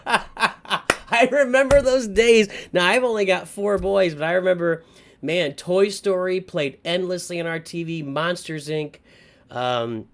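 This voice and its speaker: A middle-aged man hosting a livestream, rambling nostalgically and answering live chat as he goes. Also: a little high. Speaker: livestream host.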